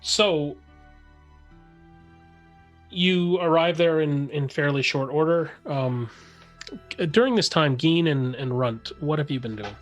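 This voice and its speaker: A man's voice: on the high side, slow pace, pauses often, soft background music. A man running a tabletop game as game master, describing scenes with many fillers and restarts.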